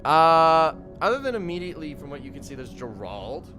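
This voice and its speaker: A man's voice: fairly high pitch, very animated, fairly quick, sharp tone, soft background music. A man narrating as game master for a tabletop game, explaining rules and laughing often. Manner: rules-explaining, laughing, calls out auction bids.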